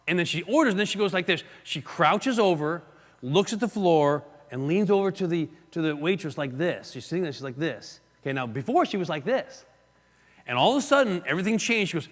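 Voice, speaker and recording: A real estate seminar speaker with a fairly high voice talks fast to a live audience. He's an animated storyteller, acting out stories, gestures, and quotes as he teaches, and the recording carries long hall reverb.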